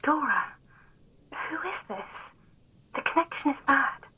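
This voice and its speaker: A man voicing a sleepy, weary young woman answering a late-night phone call, plaintive and tired in a breathy falsetto. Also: expressive, a little slow, pushed and bright, heavily acted.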